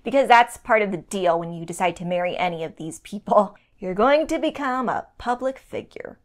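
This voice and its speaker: A woman's voice: medium pitch, animated, moderate pace. Wry woman reading a show recap. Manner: wry, laughs between lines. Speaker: recap podcast co-host.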